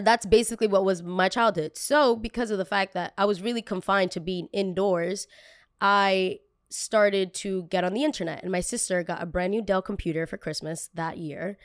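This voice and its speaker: A woman's voice: lowish voice, dry recording, clean studio sound. A young woman from a Colombian family in the United States, telling stories about her childhood on a casual podcast, full of "like" fillers and blunt swearing. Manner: chatty, frequent "like" fillers, swears freely. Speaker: podcast host. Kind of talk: casual storytelling.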